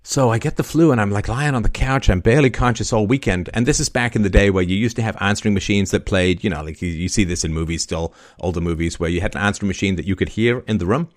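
A man hosting a call-in show, telling an animated story and acting out the quoted voices. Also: lowish voice, fast, few pauses. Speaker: podcast host.

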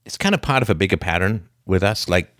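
A man's voice: low voice, expressive, fast talker, a bit bright. A man playing an adult son confronting his father in a role play, earnest and blunt. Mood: pleading.

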